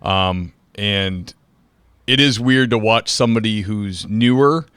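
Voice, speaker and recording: A man's voice: on the low side, takes it slowly, smooth, no echo. A middle-aged man hosting a police podcast, chatting casually with lots of fillers as he asks questions. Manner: relaxed, chatty, many fillers. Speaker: podcast host, police officer. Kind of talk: casual interview chat.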